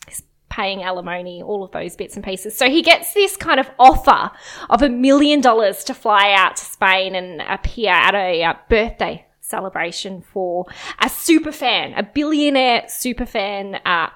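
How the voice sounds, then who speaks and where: Bright enthusiastic woman recapping a film. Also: medium pitch, lively intonation, normal speed. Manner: enthusiastic, summarizes at length. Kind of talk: casual chat, film recap.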